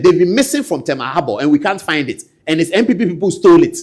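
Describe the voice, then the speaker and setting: Speaking fast with few pauses, a Ghanaian-accented man gives animated political commentary. He alternates between loud outbursts and low asides.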